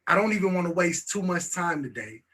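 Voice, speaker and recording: A man's voice: high-pitched, expressive, brisk, bright, forceful tone. A man hosting a casual talk show, loose and chatty, often repeating "you know what I'm saying.". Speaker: show host.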